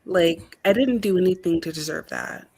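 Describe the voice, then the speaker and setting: A woman's voice: fairly low pitch, normal speed, creaky, a little mellow, slightly rough. A woman from Colorado calling in to a casual talk show, blunt and chatty with lots of fillers. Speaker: guest caller. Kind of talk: casual call-in chat.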